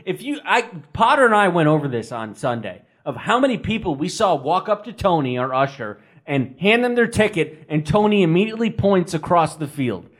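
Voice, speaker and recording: A man's voice: high voice, big pitch swings, fairly quick, hardly any pauses, a bit bright. A man co-hosting a podcast, telling a story in a chatty, wry way. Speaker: podcast co-host.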